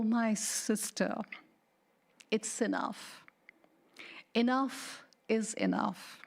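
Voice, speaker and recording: Woman, poetry reading, very slow, mournful, dramatic, slightly high voice, hushed whispers at times. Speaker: poet. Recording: studio radio reading.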